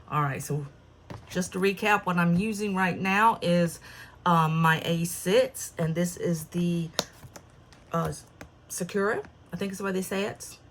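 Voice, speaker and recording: A woman with a fairly low voice talks casually to her viewers as a planner vlogger. She is a little out of breath and gushes with enthusiasm over every detail. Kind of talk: casual chat.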